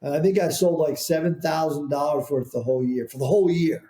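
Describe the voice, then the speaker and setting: A man, a business founder, telling rambling, animated stories as a podcast guest. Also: a little high, fairly quick. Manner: rambling, animated storyteller with restarts. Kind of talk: casual storytelling interview. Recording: roomy echo.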